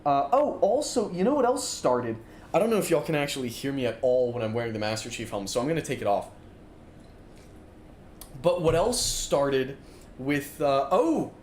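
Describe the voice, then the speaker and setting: A man's voice: medium pitch, sing-song, normal speed, a little mellow. A young man streaming a game, chatting casually and rambling with lots of fillers while he plays and reads chat aloud. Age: young adult. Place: dorm-style room, standing while streaming. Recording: roomy echo, faint room noise.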